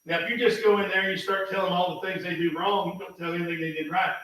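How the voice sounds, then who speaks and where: Preacher guy, highish voice, big echoey church, sounds far from the mic. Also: steady tone, fast. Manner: folksy, repeats words, builds to shouting. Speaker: pastor. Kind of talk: sermon. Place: church sanctuary.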